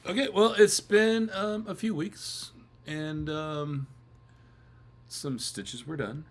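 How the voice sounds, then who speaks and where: A man co-hosting a casual chat while he has the hiccups, talking in a halting, apologetic way with many restarts. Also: a little high, steady tone, faint music behind. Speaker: co-host.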